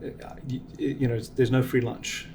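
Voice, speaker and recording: Middle-aged male guest, measured explainer, mid pitch, faint noise. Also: flat delivery, darkish tone. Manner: measured, explanatory, gives examples. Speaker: venture capital guest. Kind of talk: reflective interview answers.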